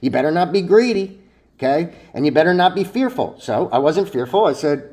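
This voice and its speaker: A man's voice: fairly high pitch, sing-song, a little fast, dark tone. A man lecturing his viewers about trading in a blunt, profane, preachy way, full of rhetorical questions. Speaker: stock trading vlogger.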